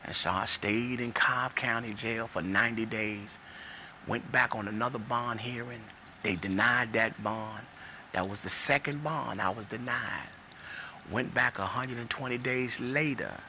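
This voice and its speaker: An earnest man in his forties delivering a personal testimony with a preacher's rhythm. His voice is very bright and forward, sitting at a middle pitch. A faint hum of background noise sits under him. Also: measured pace. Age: 40s. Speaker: speaker sharing his testimony.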